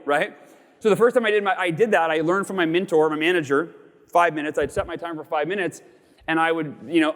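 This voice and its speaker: A man's voice: fairly high pitch, fairly even intonation, fast talker, fairly bright tone. A man giving an inspirational keynote on a conference stage, earnest and stumbling over repeated words as he speaks. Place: large conference hall stage. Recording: long reverb of a large hall.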